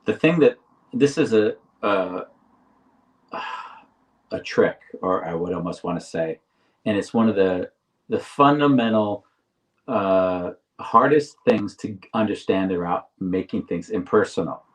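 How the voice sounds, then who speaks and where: A man with a very low voice co-hosts a reflective talk show. He explains ideas deliberately and often restarts his phrases. He sits a little back from the microphone, so his voice sounds somewhat distant. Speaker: podcast co-host.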